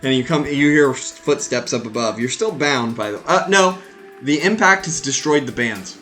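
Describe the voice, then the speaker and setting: A man narrating as game master in a tabletop game, animated and stumbling over his words. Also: medium pitch, moderate pace, soft background music. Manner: animated narration with many fillers and restarts.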